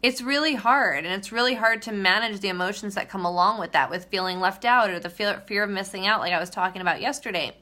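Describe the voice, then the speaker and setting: A woman's voice: medium pitch, fast talker, hardly any pauses, pushed and bright. A young woman telling a story in a casual livestream vlog, chatty and full of fillers. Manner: chatty, storytelling with many likes. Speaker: vlogger.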